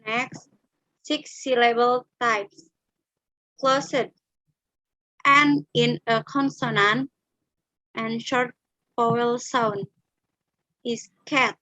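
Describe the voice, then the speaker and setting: A woman's voice: fairly high pitch, steady tone, pushed and bright, no echo, lo-fi sound. A young woman from Indonesia, a student reading through phonetics examples in English, word by word, with frequent fillers. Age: young adult. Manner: very slow, word-by-word listing with fillers. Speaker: student presenter.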